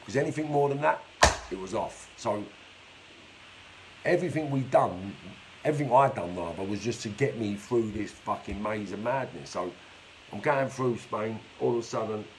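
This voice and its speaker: Speaking at a moderate pace in a lowish voice, a man relays his life story on a live stream as a casual monologue, blunt and streetwise with constant swearing. Background noise is audible on what seems to be a phone or webcam mic.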